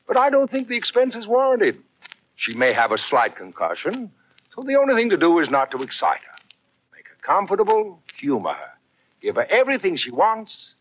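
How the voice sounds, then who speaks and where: A brusque, tight-fisted doctor. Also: male voice, on the high side, highs cut off. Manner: matter-of-fact, gruff. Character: brusque, penny-pinching doctor. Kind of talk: 1940s radio comedy acting. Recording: scratchy old radio recording.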